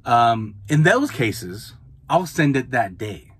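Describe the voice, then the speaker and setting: A man's voice: mid-range voice, sing-song, takes it slowly, slightly rough. A man hosting a podcast, giving casual, repetitive, coaching advice straight to his listeners as a mobile notary.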